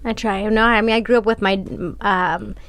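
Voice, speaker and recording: A woman's voice: mid-range voice, steady tone, normal speed, a bit bright. A woman hosting a podcast, chatting casually, easygoing and laughing along with her guest. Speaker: podcast host.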